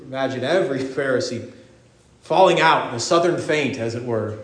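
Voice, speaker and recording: A man preaching a sermon as pastor, animated and acting out voices from the story. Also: medium pitch, normal speed. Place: church sanctuary. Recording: echoey church room.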